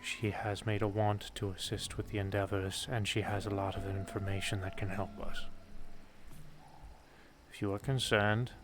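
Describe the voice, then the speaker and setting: A man's voice: on the low side, level tone, moderate pace. A male streamer in casual chat mixed with in-character roleplay. He is teasing, laughs often and swears casually.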